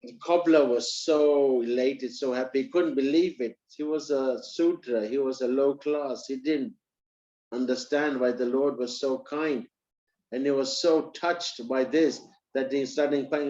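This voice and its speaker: A man preaching who tells a story in a lively way and acts out its characters. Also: medium pitch, normal speed. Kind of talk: storytelling in a sermon. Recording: roomy, slightly dull recording.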